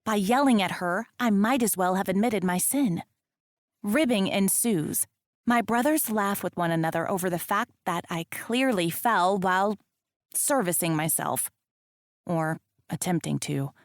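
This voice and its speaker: A woman's voice: medium pitch, a little slow, no room sound, studio quality. Woman narrating a wry romance audiobook. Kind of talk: first-person romance narration.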